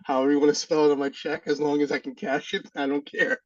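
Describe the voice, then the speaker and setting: A man's voice: fairly high pitch, little pitch movement, quick pace, no room sound. Guest, New York accent, man, dry dull sound from a distance, candid and jokey. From Brooklyn, New York. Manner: joking, self-deprecating and candid. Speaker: guest, real estate agent. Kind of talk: casual interview chat.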